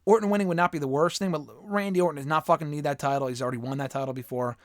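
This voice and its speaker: A man's voice: on the high side, steady tone, racing, no room sound, clean studio sound. Opinionated man hosting a fan mailbag. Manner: opinionated, rambling with restarts and casual swearing. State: losing his voice. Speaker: host answering fan questions. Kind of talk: casual solo mailbag talk.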